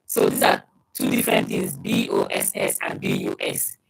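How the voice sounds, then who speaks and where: A man's voice: very deep voice, huge pitch swings, normal speed, gravelly, husky, poor audio. A man with a strong accent giving casual advice in a conversational monologue, repeating his points and talking straight to the listener. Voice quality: strong accent he describes himself. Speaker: vlogger giving advice on moving abroad.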